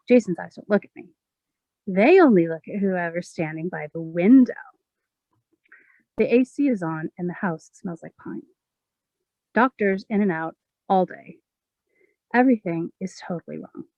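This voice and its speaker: A woman poet giving a measured, expressive reading of her own poems. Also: medium pitch, creaky, no room sound, lo-fi sound. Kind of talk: poetry reading.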